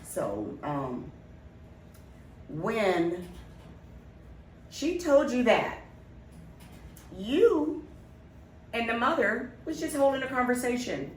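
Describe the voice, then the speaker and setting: A woman's voice: on the high side, sing-song, extremely slow, long pauses. A woman co-hosting a podcast, telling a family story in casual chat and acting out the quoted lines. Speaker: podcast co-host. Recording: roomy, distant mic, faint noise.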